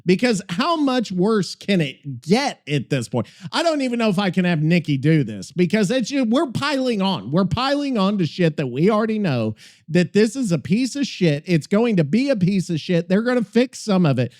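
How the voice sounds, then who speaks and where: A podcast host delivering a swear-laden rant about a game, acting out the people he talks about. His voice is high for a man and swings widely in pitch. The delivery is casual and loose. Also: moderate pace. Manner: animated swearing rant, acts out characters.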